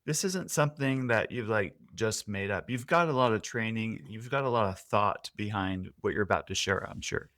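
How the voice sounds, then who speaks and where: A man's voice: fairly low pitch, moderate pace, few pauses, a bit bright. A man hosting a podcast interview, asking questions and offering brief encouraging affirmations. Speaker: podcast host.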